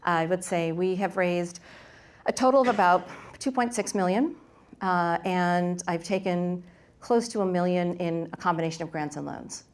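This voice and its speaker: A middle-aged woman speaks on a workshop panel about raising money for her bakery. Her voice sits a little low, and her talk is candid and lively, full of quick stories and asides. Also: slight background noise.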